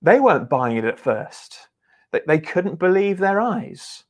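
A man's voice: high voice, big pitch swings. A man preaching a sermon in an earnest, conversational way, often restarting his words. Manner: earnest, halting with repeated restarts.

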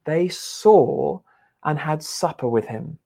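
A man's voice: on the high side, expressive, gravelly, dark tone. A man preaching a sermon in an earnest, conversational way, often restarting his words. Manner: earnest, halting with repeated restarts.

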